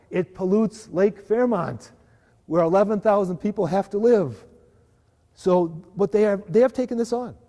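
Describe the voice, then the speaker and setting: A man giving a lively live workshop talk to a parish group, often asking the audience to agree. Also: high voice. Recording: live hall recording with long reverb.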